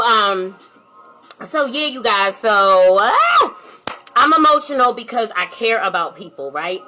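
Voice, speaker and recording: A woman's voice: mid-range voice, very animated, slow, loud music behind the voice, rough recording. A woman, talking earnestly to her live-stream viewers as a spiritual coach and asking "right?" again and again. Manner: earnest, repeats herself, says "right?" and "like" often. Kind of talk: casual heartfelt live-stream talk.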